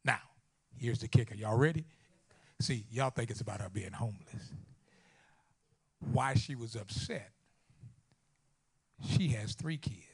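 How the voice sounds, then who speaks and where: A man preaching a sermon. He rises to loud, fervent lines and drops to hushed, near-whispered storytelling, repeating phrases for emphasis. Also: medium pitch, animated, measured pace, pauses often, slightly rough.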